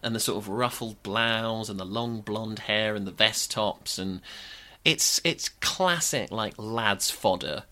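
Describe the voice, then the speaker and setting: A man's voice: fairly low pitch, slow, sharp tone. A man from Norfolk, co-hosting a casual film-review podcast with a wry, dry recapping manner. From Norfolk, England. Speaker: podcast co-host.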